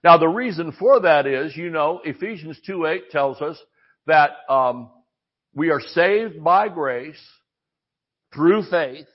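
A man's voice: on the high side, lively intonation, slow, muffled recording. An older man preaching a sermon in a folksy, rambling way, full of asides and restarts.

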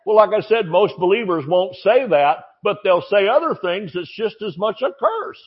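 A man's voice: high voice, lively intonation, moderate pace, hardly any pauses, slightly rough, dull audio. A man preaching a sermon in a folksy, joking, emphatic way.

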